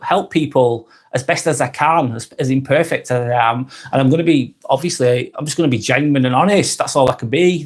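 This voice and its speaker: Reflective man with a Lancashire accent. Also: mid-range voice. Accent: Lancashire (Blackburn). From Lancashire, northwest England. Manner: rambling and reflective, frequent restarts and self-corrections. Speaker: YouTuber hosting a live stream. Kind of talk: casual live-stream monologue.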